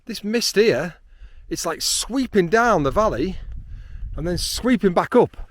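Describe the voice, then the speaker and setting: A man, chatting excitedly outdoors on a hilltop, with frequent ums. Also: high-pitched, unhurried. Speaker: landscape photographer. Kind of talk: casual vlog narration while hiking.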